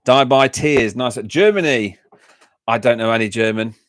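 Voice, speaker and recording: A man's voice: medium pitch, moderate pace, dry recording, studio quality. A middle-aged man with an English Midlands accent, chatting casually on a livestream, reading out comments and rambling through anecdotes with frequent laughs. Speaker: YouTube channel host.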